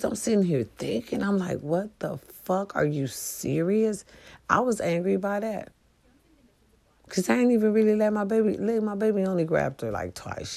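A woman's voice: deep voice, creaky, a little mellow. A middle-aged woman hosting a casual live stream, talking to her viewers in an emphatic, preachy way with plenty of swearing.

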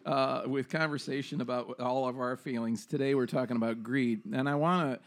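A man, a senior pastor, hosting a casual podcast chat in a relaxed, hesitant way with many fillers. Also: medium pitch, a little fast.

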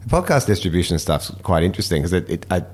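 A man hosting a casual interview, thinking aloud in quick, halting sentences full of restarts. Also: low-pitched, sing-song, a little mellow. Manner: fast, halting speech with many restarts.

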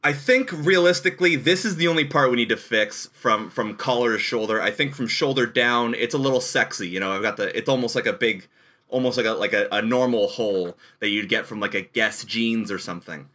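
A man hosts a loose video-call chat, cracking jokes and poking fun at himself. His voice is bright and forward, at an ordinary middle pitch. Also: fairly quick. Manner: joking, playful, self-mocking. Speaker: host. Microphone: webcam on a video call.

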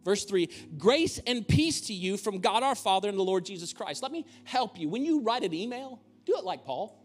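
A man's voice: high voice, expressive, normal speed, soft background music. A male pastor preaching a sermon in a church, conversational, with humorous asides. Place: church auditorium.

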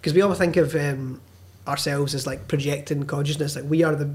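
Man, podcast guest, higher voice, sweary storyteller. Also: steady tone, brisk. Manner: swears freely, tells stories. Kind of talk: casual chat.

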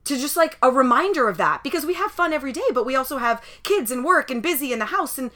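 A woman in her thirties co-hosting a casual chat show, expressive and quick to react with exclamations. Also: high voice. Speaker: podcast co-host.

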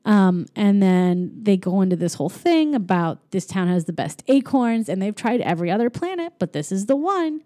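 A woman co-hosting a podcast, casually retelling a movie plot with giggles and quick acted-out lines. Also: medium pitch, sing-song, mellow, no room sound, clean studio sound. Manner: rambling, giggly, acts out lines in quick voices. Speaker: podcast co-host. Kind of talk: casual chat recapping a movie.

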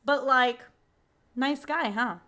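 A young woman hosting a podcast, telling a story in casual chat, animated, full of fillers and swearing. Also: high voice, takes it slowly. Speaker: podcast host.

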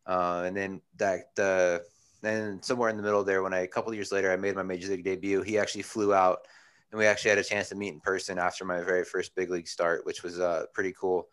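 A man's voice: low voice, flat delivery, fast talker, a bit bright, clean tone. A man in his thirties, a guest telling stories casually and rambling with lots of fillers. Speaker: guest, pro baseball pitcher. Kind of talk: casual storytelling.

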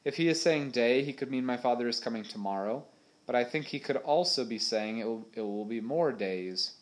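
A man's voice: medium pitch, animated, fairly quick, natural voice. A man reading aloud and voicing a determined, brave young girl who talks in an earnest, careful way.

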